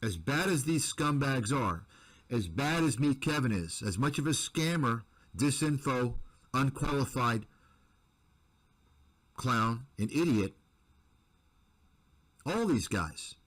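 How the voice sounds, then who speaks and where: A man's voice: mid-range voice, expressive, takes it slowly, long pauses, fairly bright tone, low-quality recording. A man, an investment commentator, delivering a combative, repetitive rant to his viewers. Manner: combative, repetitive, name-calling.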